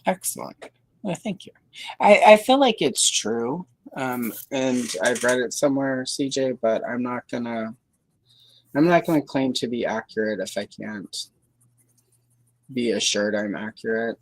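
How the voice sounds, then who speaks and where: A woman's voice: extremely low pitch, measured pace, no echo, low-quality recording. Dry-sounding woman chatting on a livestream. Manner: rambling, hedging, full of fillers and self-corrections; dry sarcasm. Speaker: livestream host. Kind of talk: casual livestream chat.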